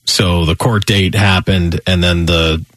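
A man's voice: sits low, fairly even intonation, measured pace, fairly bright tone, no echo. A man co-hosting a radio show in casual, playful banter. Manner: chatty, playful.

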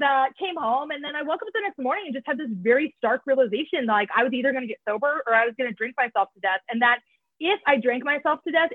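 A woman's voice: fairly high pitch, no echo. A woman guest telling her recovery story frankly, with lots of casual filler and swearing, over a call. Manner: frank, profane, fillers of "like" and "you know". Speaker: podcast guest, author in recovery. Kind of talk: candid conversational storytelling. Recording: tinny phone line, dry.

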